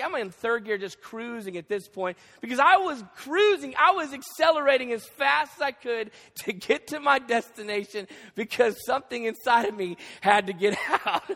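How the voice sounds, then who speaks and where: A man preaching a sermon as pastor, telling a funny story with animated delivery. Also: sits high. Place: church sanctuary. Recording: long reverb of a large hall.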